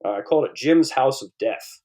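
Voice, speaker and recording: A man's voice: mid-range voice, lively intonation, brisk, dark tone. A man in his fifties talks loosely as an interview guest. He often restarts sentences and fills gaps while he spins a story, and his voice sits mid-range. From eastern United States. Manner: rambling, storytelling, frequent restarts and fillers. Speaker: paleontologist guest. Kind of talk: casual interview conversation.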